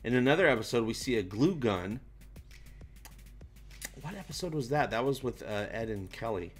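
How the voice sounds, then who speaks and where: A man's voice: medium pitch, animated, normal speed, faint music behind. A man hosting a livestream, chatting loosely and reading out viewer comments, with casual swearing. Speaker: livestream host.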